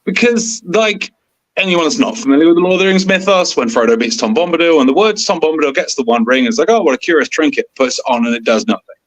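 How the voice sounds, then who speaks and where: A man co-hosting a podcast in casual chat, excitable and rambling, with bursts of enthusiasm. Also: on the high side, quick pace, no echo, low-quality recording. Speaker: podcast co-host.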